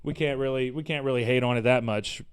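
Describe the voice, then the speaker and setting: A man hosting a podcast, delivering an animated, profane, sarcastic rant in casual slangy talk. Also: mid-range voice, fast talker, clean tone. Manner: animated, profane, exasperated ranting. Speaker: podcast host. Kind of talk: casual ranting monologue.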